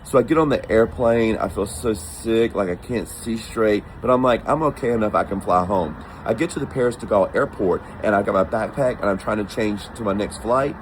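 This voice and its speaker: A man's voice: lowish voice, a little fast, few pauses, slight background noise, rough recording. A man telling a personal travel story casually and with animation, acting out the voices of the people in it. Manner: animated, acts out quoted voices.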